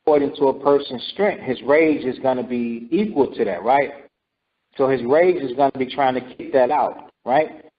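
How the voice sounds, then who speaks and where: A man's voice: mid-range voice, moderate pace. Preaching man, call-and-response style. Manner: repetitive, calls for responses with "right?" and "okay?". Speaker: teacher leading scripture study. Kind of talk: scripture teaching sermon. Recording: dull lo-fi recording.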